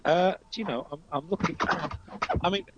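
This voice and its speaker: A man's voice: high voice, normal speed, dull audio, heavy background noise. A man playing a tabletop game, speaking hesitantly with stammers and restarts. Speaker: player. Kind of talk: casual table chat.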